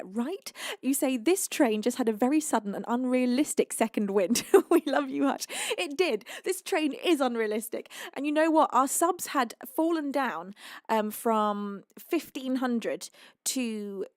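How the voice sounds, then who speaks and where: Uk lady streamer thanking chat, bubbly and giggly, higher voice, dry sound. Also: animated, a little slow, dry recording. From United Kingdom. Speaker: livestream music host. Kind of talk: thanking viewers on a livestream.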